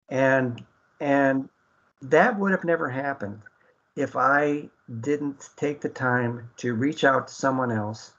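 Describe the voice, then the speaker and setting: A man's voice: medium pitch, a bit bright, dull audio. A man hosting an internet radio talk show, speaking earnestly with many fillers and restarts.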